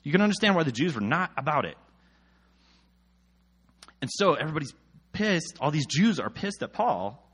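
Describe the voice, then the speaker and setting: A young male preacher retells a scripture story in loose, slangy speech. His husky voice jumps up and down all the time, and he slips into the voices of the people in the story. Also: a little high, moderate pace, pauses often. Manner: animated, slangy, acts out quoted voices. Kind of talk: casual retelling of a Bible story.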